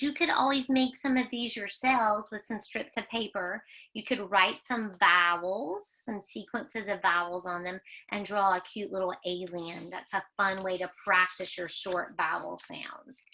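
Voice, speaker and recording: A woman's voice: medium pitch, bright, forceful tone. A woman teaching a children's phonics lesson, patient and sing-song, stretching out words and repeating key phrases. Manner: patient, sing-song, drawn-out teacher talk with emphatic repetition.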